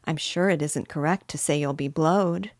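A solemn, well-mannered little girl of seven from a storybook, as a woman reading aloud puts her on. She speaks softly and politely in a low, even voice, recorded close and dry. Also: normal speed, no room sound. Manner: soft and very polite.

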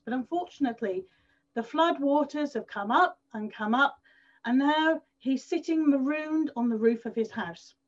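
A woman presents to an event audience, pitching her story high and lively and stressing points by repeating words. The recording sounds a little dull and lo-fi. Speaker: speaker at an event.

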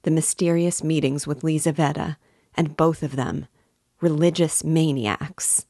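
A woman hosting a book club, reading a novel aloud in a slow, measured way. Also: low voice, mellow, no room sound, studio quality.

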